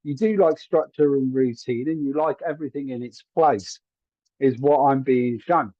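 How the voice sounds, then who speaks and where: A man's voice: mid-range voice, moderate pace, no echo, muffled recording. A man giving live psychic readings to viewers from a room at home, chatty and hedging, often checking whether his words make sense. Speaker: psychic medium.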